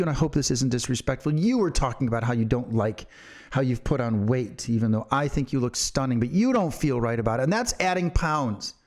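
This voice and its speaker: Fiery, profane middle-aged man. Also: fairly high pitch. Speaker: podcast co-host. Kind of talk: impassioned opinion talk.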